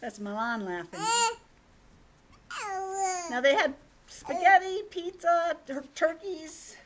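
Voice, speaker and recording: A woman's voice: high-pitched, slow, background noise. A young woman teacher reading a picture book aloud to children over a video call, with chatty asides. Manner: animated, chatty asides to kids.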